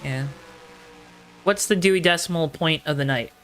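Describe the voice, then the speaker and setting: A man's voice: fairly high pitch, normal speed, a bit bright, soft background music. A man hosting a live sim racing broadcast from the booth, playful and chatty, talking straight to viewers. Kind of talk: live race commentary. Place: commentary booth.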